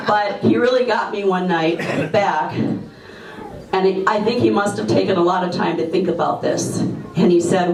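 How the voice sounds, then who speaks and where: A woman's voice: on the low side, moderate pace, darkish tone, recorded from a distance. A woman telling a playful anecdote at a memorial, acting out both sides of the dialogue. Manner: storytelling, acts out dialogue. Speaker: friend telling a story. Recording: roomy hall, mic from afar.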